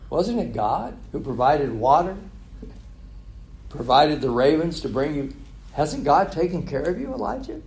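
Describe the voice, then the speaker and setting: A man voicing God as a gentle, patient male figure, speaking quietly and coaxingly. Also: on the high side, moderate pace, pauses often, natural voice. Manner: soft and quiet, coaxing, repeating the name.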